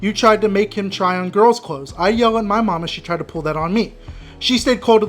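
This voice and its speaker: A man's voice: high-pitched, a little fast, a bit bright, soft background music. A man hosting an advice channel, reading an online story aloud and reacting with blunt, exasperated commentary. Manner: exasperated, blunt, breaks into frustrated rants.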